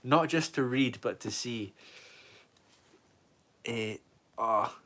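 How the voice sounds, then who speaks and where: A man's voice: mid-range voice, takes it slowly, fairly bright tone. Chatty Scottish man in his twenties. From Scotland. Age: 20s. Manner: rambling, reads out viewer comments and answers them. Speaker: streamer. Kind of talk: casual livestream chat.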